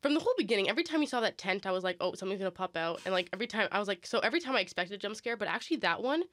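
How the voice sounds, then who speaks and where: A young woman talks fast in a casual, rambling co-host chat, and she pokes fun at herself as she goes. Her voice sits close and dry, with no room sound around it. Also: medium pitch, lively intonation, a bit bright, no room sound. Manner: chatty, rambling, self-deprecating.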